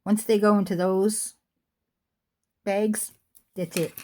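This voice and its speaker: A woman's voice: mid-range voice, little pitch movement, slow, darkish tone, slight background noise. Chatty woman selling jewelry at home. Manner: chatty, rambling asides. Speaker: online jewelry seller. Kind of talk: casual chat while showing jewelry. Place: home room with a squeaky chair.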